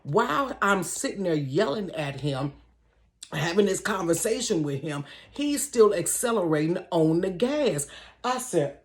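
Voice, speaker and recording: Middle-aged woman vlogger, casual storytime, animated and chatty, talks straight to her viewers. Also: mid-range voice, a little slow, gravelly. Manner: animated, slangy, keeps addressing listeners directly. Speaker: vlogger telling a personal story. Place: bedroom.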